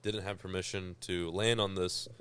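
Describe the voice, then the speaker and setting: A young man co-hosting a podcast who chimes in with quick questions and quips. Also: low voice, fairly even intonation, a bit bright, smooth. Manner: reacts with short quips and questions. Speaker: podcast co-host. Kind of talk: casual chat.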